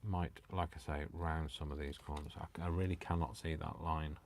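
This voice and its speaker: A man's voice: rumbling low, fairly even intonation, moderate pace, slight background noise. A man hosting a live crafting stream, chatting casually and making fun of himself as he cuts paper. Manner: chatty, self-mocking, jokes to himself and the viewers. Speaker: crafting channel host.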